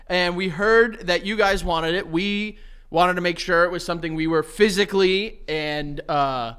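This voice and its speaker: Bright, high-voiced teasing podcast man. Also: normal speed, clean tone. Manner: teasing, playful, laughs at his own jokes. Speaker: podcast co-host. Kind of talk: casual chat.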